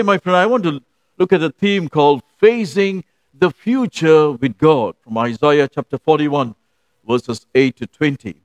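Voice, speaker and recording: A man's voice: fairly high pitch, dry recording. A man pastor preaching an earnest sermon, telling stories and leading prayer. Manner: earnest, storytelling.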